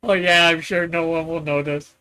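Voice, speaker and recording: A man hosting a casual live stream, rambling in a relaxed way and laughing often while he talks. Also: on the high side, moderate pace, clear, resonant tone.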